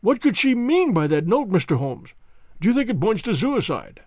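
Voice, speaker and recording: A man reading an audiobook, voicing a distraught, excitable older banker who pleads and exclaims. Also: sits high, normal speed, dry recording, clean studio sound, pitched above the performer's own voice, exaggerated voice. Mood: anxious.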